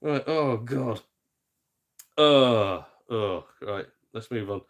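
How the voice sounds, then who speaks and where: A man's voice: lowish voice, a little slow, darkish tone. Male stream host, middle-aged, casual sarcastic rant, mocks others with put-on voices. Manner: exasperated, sarcastic, mimics people in silly voices. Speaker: gaming channel host.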